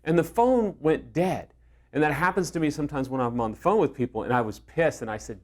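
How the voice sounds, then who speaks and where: A man's voice: on the high side, animated, brisk, a little mellow. Man, recovery coach, earnest, storytelling, acts out quotes. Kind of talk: direct-to-camera advice talk.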